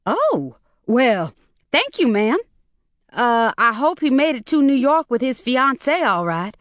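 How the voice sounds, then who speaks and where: A woman's voice: on the high side, big pitch swings, takes it slowly, dry recording, studio quality, voice pushed up. A woman reading an audiobook and voicing a polite, folksy male stranger at the door.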